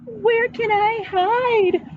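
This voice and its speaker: A woman voicing a frightened little boy in a storybook reading, high and whimpering. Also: steady tone, drawn-out words, heavily acted. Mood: scared, panicky. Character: frightened little boy Eddie, tearful and panicky. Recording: dull, slightly noisy recording.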